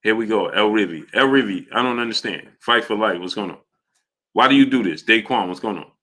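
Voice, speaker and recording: A man's voice: fairly low pitch, fairly quick, bright, forceful tone. A man hosting a live stream, arguing with chat, repeating himself and calling out viewers' names. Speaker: boxing live-stream host. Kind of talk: casual live-stream commentary.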